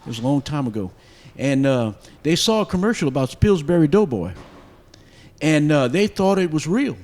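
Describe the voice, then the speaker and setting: An older man, telling a folk story in a soft-spoken, halting way, mixing in French. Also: fairly high pitch, expressive.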